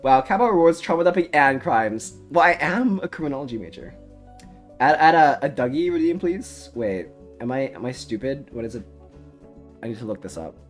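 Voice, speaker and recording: Rambling young male streamer, lively pitch. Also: normal speed, soft background music. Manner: rambling, goes off on tangents, swears, laughs often. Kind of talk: casual live-stream chat.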